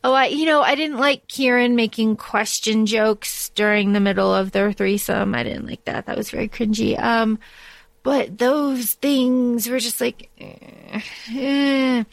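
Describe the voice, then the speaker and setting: Blunt high-voiced woman podcaster. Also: unhurried, vocal fry, no room sound. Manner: blunt, swears freely, animated retellings. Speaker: podcast co-host. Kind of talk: casual book discussion.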